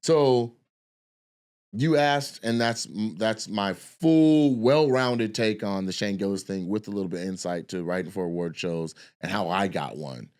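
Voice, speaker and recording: A man's voice: lowish voice, measured pace, a little mellow, smooth. A man, a stand-up comedian hosting a podcast, telling a long story in a rambling, profane, casual way. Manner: rambling, profane, restarts a lot.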